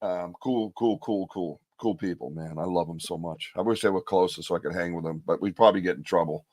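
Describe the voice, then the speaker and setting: A man's voice: low voice, brisk, a little mellow, no room sound. A man hosting a live podcast, chatting loosely, joking and rambling in slang. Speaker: podcast host. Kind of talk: casual live-stream chat.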